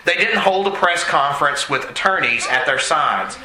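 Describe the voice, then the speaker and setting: A man preaching a sermon in an earnest way, slowing down to stress his points. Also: a little high, lively intonation, reverberant, background noise. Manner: earnest, slows for emphasis.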